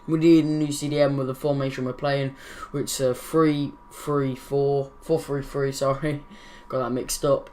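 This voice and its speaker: A man's voice: medium pitch, little pitch movement, normal speed, hardly any pauses, dark tone, slight background noise. A young man hosting his gaming channel, casually commenting over football game footage, rambling and correcting his own slips.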